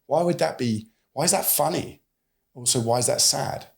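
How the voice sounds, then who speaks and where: A man's voice: medium pitch, moderate pace, gravelly. A British man in his forties, a podcast guest who talks animatedly and acts out bits of quoted dialogue. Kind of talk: conversational podcast interview.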